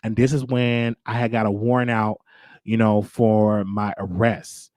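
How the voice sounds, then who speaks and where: A man's voice: lowish voice, flat delivery, a little mellow, no room sound. Candid man telling his story, dry sound. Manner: candid, halting, with frequent restarts. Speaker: show host. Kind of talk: personal storytelling.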